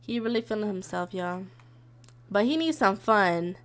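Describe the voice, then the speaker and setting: There's background noise as a young gaming streamer talks her viewers through a life-sim game in casual Let's Play style. Her mid-range voice is unhurried, and she's chatty and dramatic, breaking into squeals and laughs.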